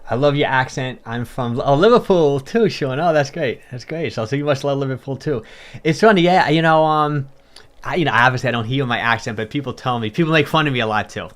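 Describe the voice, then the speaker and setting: A man's voice: mid-range voice, a little fast, fairly bright tone. A man, a fitness coach, talking casually on a livestream and answering viewer comments in a chatty, upbeat way with lots of fillers and repeats.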